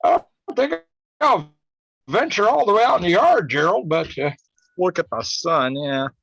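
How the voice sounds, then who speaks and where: A man chatting casually on a video call, rambling and laughing, cursing and breaking into loud outbursts. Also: high voice, animated, normal speed, vocal fry, no echo, highs cut off. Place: house and backyard. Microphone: phone or laptop on a video call.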